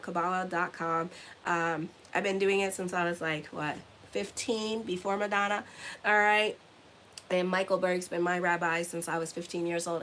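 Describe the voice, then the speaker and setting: A woman's voice: mid-range voice, fairly bright tone, a little hiss or hum, low-quality recording. A woman giving a casual tarot reading to her viewers, rambling and chatty, often ending lines with "okay?". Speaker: tarot reader and astrologer.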